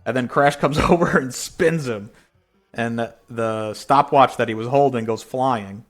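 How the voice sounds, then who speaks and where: A man's voice: medium pitch, a little slow. A man casually reading a translated comic aloud and narrating its panels, in a loose, rambling way with many fillers. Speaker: reader.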